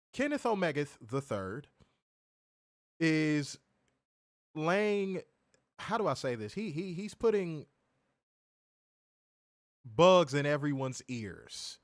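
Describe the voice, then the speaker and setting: Man, wrestling podcast co-host, profane, joking, animated pitch, slightly high voice, dry sound. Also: no echo. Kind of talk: casual podcast chat.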